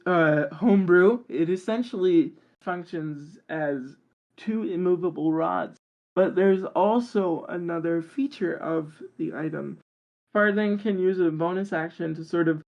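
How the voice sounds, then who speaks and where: Enthusiastic rambling podcast guest, lo-fi. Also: medium pitch. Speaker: guest, tabletop player. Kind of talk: casual interview chat.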